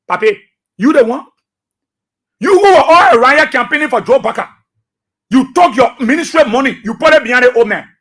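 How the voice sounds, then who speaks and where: A man's voice: very high-pitched, fairly bright tone. A man with a Liberian English accent hosting political talk radio, passionate and repeating phrases for emphasis.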